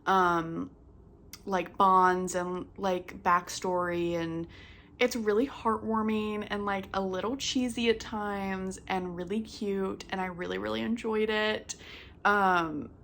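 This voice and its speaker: A woman's voice: medium pitch, steady tone, slow pace, a bit bright, a little hiss or hum. A young woman hosting a cross-stitch vlog, chatting casually and filling her sentences with "like" and "um". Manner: chatty, lots of "like" and "um" fillers. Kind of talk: casual chat.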